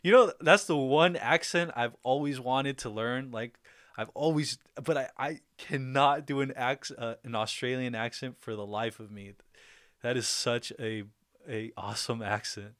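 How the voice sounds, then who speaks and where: A man's voice: mid-range voice, measured pace, fairly bright tone, no room sound, studio quality. A young man hosting a livestream, chatting casually and upbeat, laughing often as he reads out viewer comments. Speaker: livestream host.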